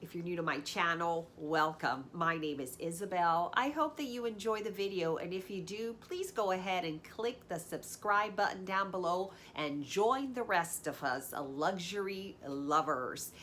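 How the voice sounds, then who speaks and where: A woman in her fifties, congested and a little nasal from sinuses, chats eagerly to her viewers as she unboxes a purchase. Her voice sits on the low side and she stretches out words she wants to stress. A faint hum of room ambience stays behind her. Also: bright, forceful tone. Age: 50s. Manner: enthusiastic, chatty, drawn-out emphasis on words. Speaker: luxury unboxing channel host. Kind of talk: casual direct-to-camera chat.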